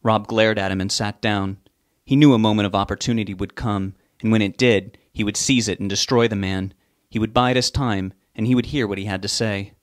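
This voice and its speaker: Low-voiced man reading a novel aloud. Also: steady tone, brisk, dry recording, clean studio sound. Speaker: narrator.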